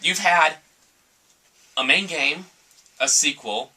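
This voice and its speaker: A man's voice: on the high side, slow, pushed and bright, slightly rough. A man co-reviewing a video game in a blunt, casual way, swearing freely. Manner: blunt and profane, mock-quotes in a sarcastic voice. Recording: voice from far off the mic.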